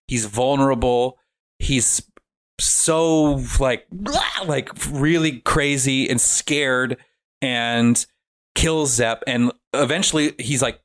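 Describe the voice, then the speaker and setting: A man on a casual podcast, animatedly retelling a film's plot and swearing freely as he goes. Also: medium pitch. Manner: animated storytelling with frequent swearing. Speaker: guest. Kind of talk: casual podcast film recap.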